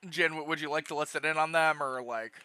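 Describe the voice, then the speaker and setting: A man narrating as dungeon master, often laughing and halting with many restarts. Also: on the high side, fairly even intonation, sharp tone, clear, resonant tone. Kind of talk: narrating a tabletop game.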